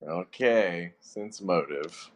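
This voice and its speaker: A man with a fairly low voice, chatting as a player in a tabletop role-playing game. He jokes around with his friends and swears casually, with an easygoing, teasing tone. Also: extremely slow, noisy background. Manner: joking, profane banter.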